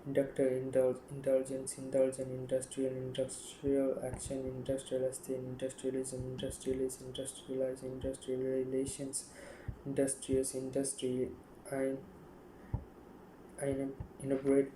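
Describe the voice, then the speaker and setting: A man reading dictionary words aloud one after another, in a flat listing manner with frequent stumbles and restarts. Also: mid-range voice, normal speed, roomy sound, background noise. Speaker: youtuber.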